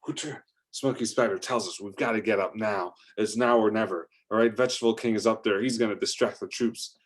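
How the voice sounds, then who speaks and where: Low-voiced man improvising an adventure tale. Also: fairly even intonation, brisk. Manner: rambling, with fillers and restarts. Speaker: storyteller.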